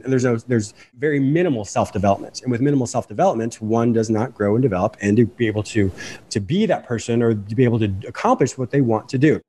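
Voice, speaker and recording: A man speaking fast and animatedly as a podcast guest, explaining ideas in a remote interview. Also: mid-range voice, husky. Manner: rapid, animated, apologizes for speed.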